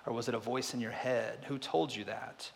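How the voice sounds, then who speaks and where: Male pastor, mid-pitched, preaching with hushed-to-loud swings and repeated rhetorical questions, long hall reverb. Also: steady tone, normal speed, vocal fry. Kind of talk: sermon.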